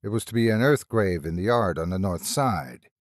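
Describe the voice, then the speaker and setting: Proper country rector, brisk and a touch impatient, lively delivery, narrator voicing him. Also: male voice, on the low side, no room sound, clean studio sound. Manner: brisk, formal and a little impatient.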